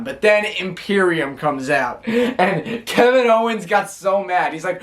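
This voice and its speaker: Man, slightly high voice, casual vlog recap, rambling, stumbles on words, laughs a lot. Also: moderate pace, fairly bright tone. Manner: rambling, stammering, laughing often. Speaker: wrestling show reviewer.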